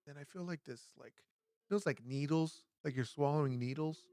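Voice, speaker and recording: A man's voice: fairly high pitch, normal speed, clear, resonant tone, no room sound, clean studio sound. A young adult man co-hosting a podcast, telling a story in casual chat with lots of restarts and fillers. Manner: rambling storyteller, many restarts. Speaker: podcast co-host.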